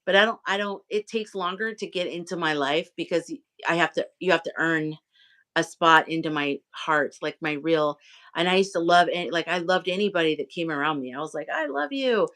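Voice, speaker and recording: A woman's voice: low-pitched, brisk, fairly bright tone. A woman hosting a casual livestream chat, talking freely with lots of fillers and acting out the voices of people she quotes. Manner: chatty, acts out quoted voices, many fillers. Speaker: livestream host. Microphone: live video stream.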